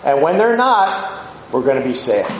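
A man's voice: medium pitch, sing-song, normal speed, reverberant, a little hiss or hum, rough recording. A man preaching a sermon, teaching through Bible verses in a conversational, reflective way with rhetorical questions.

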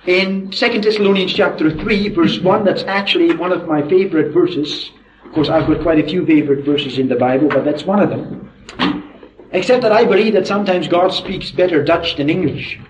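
A man's voice: sits high, moderate pace, slight background noise. A man preaching a sermon, praying earnestly and then building to emphatic, repeated points. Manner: earnest, rises to emphatic repetition. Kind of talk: sermon with opening prayer. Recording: distant, echoey, dull old sermon recording.

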